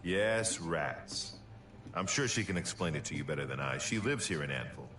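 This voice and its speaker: A very deep, stern guild chief. He hands out orders in a gruff, businesslike way. The game audio is roomy and distant, with music under it. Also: expressive, moderate pace. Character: stern male fighters guild chapter head.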